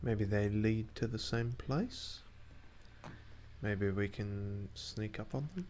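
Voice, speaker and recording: A man with a slightly low voice plays through a game on stream, narrating casually as he goes. He mutters to himself with dry, sarcastic asides. A faint hiss sits under the recording. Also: takes it slowly, darkish tone. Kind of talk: casual let's-play commentary.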